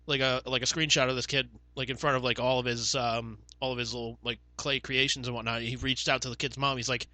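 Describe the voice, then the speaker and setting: A man's voice: medium pitch, level tone, fast talker, hardly any pauses, bright, forceful tone, no room sound. A young man co-hosting a podcast, telling stories in casual chat with lots of swearing and fillers. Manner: swears freely, chatty storytelling with fillers. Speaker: podcast co-host.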